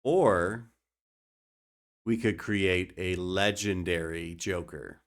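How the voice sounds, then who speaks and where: A young man talks through a card game for his live chat in a low, unhurried voice. He jokes with viewers as he plays. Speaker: streamer. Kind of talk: casual gameplay commentary.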